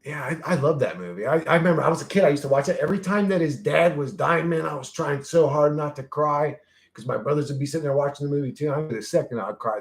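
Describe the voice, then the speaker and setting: A man's voice: a little high, a little fast, fairly bright tone. A man casually chatting on a livestream, reading chat aloud, laughing often and swearing freely as he jumps from topic to topic. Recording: roomy echo.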